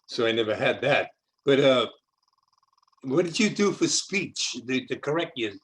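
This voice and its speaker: A man's voice: mid-range voice, lively intonation, unhurried, fairly bright tone, low-quality recording. Older New man, rambling host. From South Bronx, New York. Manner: rambling, repeats words and restarts. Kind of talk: casual interview chat. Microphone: video call.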